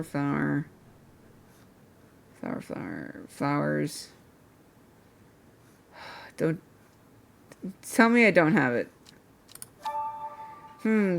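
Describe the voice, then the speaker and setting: A woman's voice: low voice, vocal fry. A woman streamer chatting casually and thinking aloud while she plays a game. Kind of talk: casual gameplay commentary.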